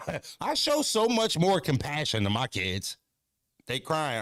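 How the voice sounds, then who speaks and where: A man chatting casually, telling stories in a profane, animated way and laughing often. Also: a little high, moderate pace, no echo, clean studio sound. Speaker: streamer. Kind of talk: casual chat.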